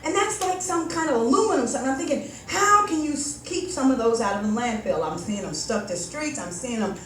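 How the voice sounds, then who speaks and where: A woman's voice: sits high, lively intonation, brisk. A woman comic doing a stand-up set on stage, telling rambling, self-mocking stories and acting out the dialogue. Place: comedy club stage before a live audience. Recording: echoey room, mic some distance off, audience noise.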